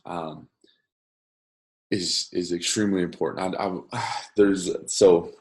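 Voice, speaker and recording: A man teaching a course in a casual, conversational way, often checking in with "right?" and changing his loudness to show a point. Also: low voice. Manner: conversational, many fillers and "right?" check-ins, varies loudness to demonstrate. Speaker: course instructor.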